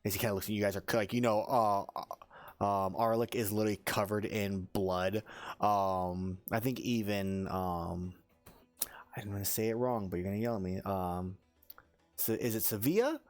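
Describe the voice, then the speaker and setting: A man's voice: on the low side, moderate pace, soft background music. A man narrating as game master, rambling with many fillers.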